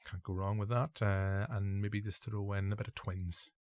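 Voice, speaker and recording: A man's voice: lowish voice, little pitch movement, normal speed, a little mellow, dry recording, studio quality. A man with a Northern Irish accent hosting a casual film review podcast, sounding a little nasal and congested. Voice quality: gravelly, a bit nasal. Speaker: podcast host.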